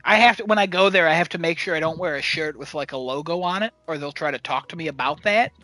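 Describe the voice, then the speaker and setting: Bright, rambling, swearing young man. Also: a little high, fast talker, no room sound. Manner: rambling, profane, jokey storytelling. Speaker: podcast host. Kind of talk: casual chat.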